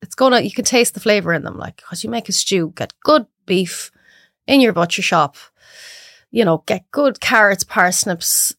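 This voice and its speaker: Irish woman, cook-guest, chatty and animated, slips into voices, dry close sound. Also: medium pitch, normal speed, no room sound. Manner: animated storyteller who acts out voices. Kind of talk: casual chat.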